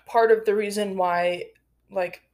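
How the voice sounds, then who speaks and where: A woman's voice: mid-range voice, fairly even intonation, a little slow, a little mellow. Young woman cohost, plain mid voice, straight to the point. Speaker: podcast co-host. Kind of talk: casual podcast chat.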